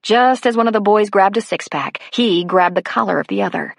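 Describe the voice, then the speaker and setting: A woman narrating an audiobook in a measured, even storytelling manner on a close mic. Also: medium pitch, vocal fry, a little hiss or hum. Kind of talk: scripted narration.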